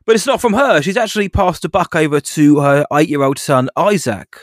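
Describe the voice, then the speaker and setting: A man co-hosting a casual podcast, talking in a measured, even-handed way. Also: on the high side, no room sound, studio quality. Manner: measured, even-handed, calls his co-host mate. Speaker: podcast co-host.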